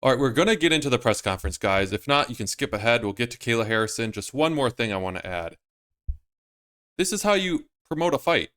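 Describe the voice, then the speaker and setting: A man's voice: medium pitch, very animated, fast, fairly bright tone, clear, resonant tone. A man hosting his own commentary video, talking casually in a rambling, emphatic, opinionated way. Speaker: MMA YouTuber host.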